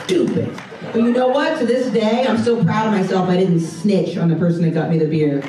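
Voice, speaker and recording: A woman's voice: medium pitch, steady tone, distant mic, heavy background noise. Woman doing chatty stand-up crowd work. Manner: chatty, riffing with the audience, quick asides. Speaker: stand-up comedian. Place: comedy club stage. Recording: roomy club with audience laughter. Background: audience laughing.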